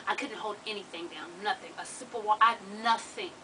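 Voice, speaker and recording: A woman's voice: medium pitch, quick pace, recorded from a distance, background noise. A woman telling a long story to her viewers, laughing and swearing freely. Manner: profane, animated, laughs while telling. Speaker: vlogger.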